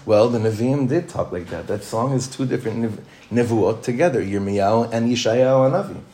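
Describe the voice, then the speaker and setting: A rabbi leads an informal class in a middle-pitched male voice. He speaks in a conversational way, circles back over his own phrases for emphasis and often breaks into a chuckle. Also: fairly quick, mellow.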